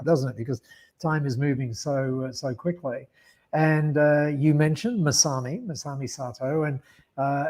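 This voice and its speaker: Husky Australian man telling a story. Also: fairly high pitch, a little mellow. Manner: rambling, with frequent restarts and acted-out dialogue. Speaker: guest speaker. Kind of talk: storytelling interview answer.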